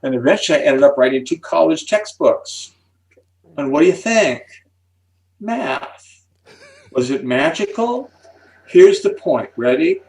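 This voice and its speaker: A man in his seventies, a guest speaker on psychology, explaining with animated enthusiasm and building suspense before each point. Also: fairly high pitch, a little slow, pauses often, distant mic, rough recording. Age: 70s.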